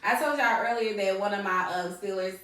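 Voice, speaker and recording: A woman's voice: mid-range voice, brisk, fairly bright tone. A middle-aged woman hosting a podcast, chatting casually and animatedly, laughing often and repeating words for emphasis. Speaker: podcast host. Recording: echoey room, distant mic.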